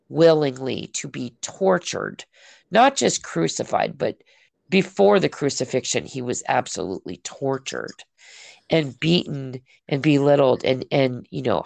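Gravelly-voiced woman telling lively faith stories. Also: sits low, no room sound. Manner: animated storytelling, acts out her own prayers. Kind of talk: casual faith conversation.

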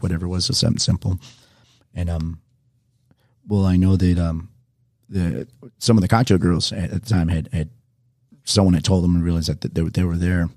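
Deep husky man telling rambling stories. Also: dark tone, no echo, clean studio sound. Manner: rambling, self-correcting anecdotes. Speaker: bartender. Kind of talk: casual storytelling to viewers.

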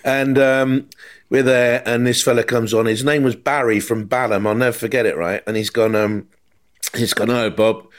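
A man, hosting a podcast and telling lively anecdotes in casual chat. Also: mid-range voice, moderate pace. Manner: animated anecdote teller, mimics callers. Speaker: podcast host.

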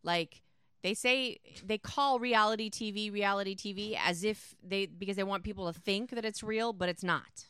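A woman's voice: mid-range voice, normal speed, a bit bright, smooth, dry recording, studio quality. A woman co-hosting a sports podcast in casual chat, emphatic and firm in arguing her point. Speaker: podcast co-host.

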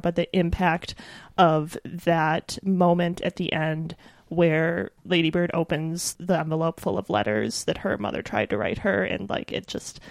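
A woman's voice: fairly low pitch, creaky, a little mellow, dry recording, clean studio sound. A woman talking in a casual film discussion, earnest and heartfelt. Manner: earnest, heartfelt, many "like" fillers. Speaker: podcast guest.

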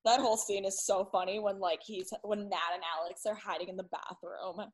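A woman's voice: medium pitch, fairly even intonation, fairly quick, slightly rough, rough recording. A woman in her twenties co-hosting a podcast, gushing like a fan in casual chat and saying "like" a lot. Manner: enthusiastic fan, lots of "like". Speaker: podcast co-host.

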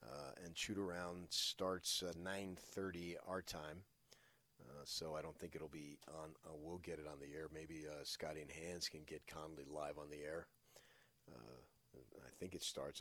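A very deep-voiced man co-hosting sports talk radio, emphatic and opinionated, dropping plenty of "uh" fillers. He sits close to the mic in a dry, dead studio. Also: a bit bright, no room sound.

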